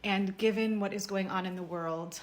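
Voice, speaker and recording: A woman telling a personal story in a heartfelt message to camera, speaking earnestly and at a measured pace. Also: mid-range voice, fairly even intonation.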